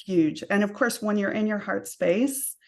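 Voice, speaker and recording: A woman speaking as a coaching guest in a casual interview, talking in a relaxed way with many "you know" and "um" fillers. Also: mid-range voice, measured pace, creaky. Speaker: guest, energy and career coach.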